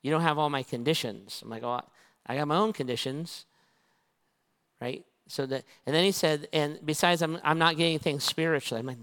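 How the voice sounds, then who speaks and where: A man's voice: a little high, a little fast, fairly bright tone, clear, resonant tone. A male pastor preaching a sermon, telling stories and acting out both sides of the conversations. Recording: long reverb of a large hall.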